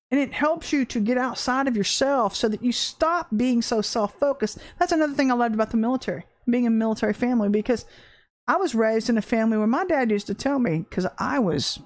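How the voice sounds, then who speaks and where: A middle-aged woman giving a casual spoken sermon, an animated storyteller who laughs often and acts out quotes. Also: fairly high pitch, no echo, studio quality. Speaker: Christian ministry teacher.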